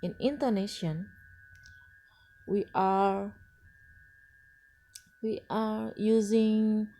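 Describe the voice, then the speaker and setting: A woman, not a native English speaker, lecturing on English pronunciation with frequent pauses and restarts. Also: mid-range voice, fairly even intonation, mellow. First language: Indonesian. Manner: slow and hesitant, frequent uh fillers and restarts. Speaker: English teacher. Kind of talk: lecture presentation.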